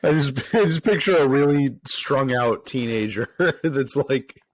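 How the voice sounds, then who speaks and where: Lively man with playful asides. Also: medium pitch, unhurried. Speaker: podcast co-host. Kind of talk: improvised storytelling.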